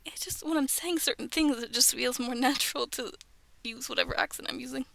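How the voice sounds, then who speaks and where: A woman in her thirties with a high, bright voice and a gravelly edge reads scary stories aloud. She keeps stopping for chatty asides and drops into soft whispers. The recording is close and dry. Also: a little fast, no room sound. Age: 30s. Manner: chatty, self-aware, often laughs and whispers asides. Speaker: streamer reading online stories. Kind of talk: casual reading with asides. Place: bedroom at home.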